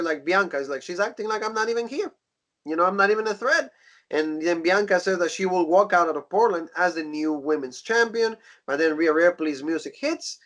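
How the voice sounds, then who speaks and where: A man with a somewhat high-pitched voice co-hosts a casual podcast. He recaps events in an easygoing way, with plenty of filler. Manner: relaxed recapping with fillers like "you know". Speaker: wrestling podcast co-host.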